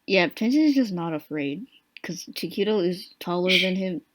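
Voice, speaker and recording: A woman's voice: lowish voice, animated, normal speed, no echo. A woman co-hosting a podcast, in casual chat, chatty and laughing. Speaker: podcast co-host.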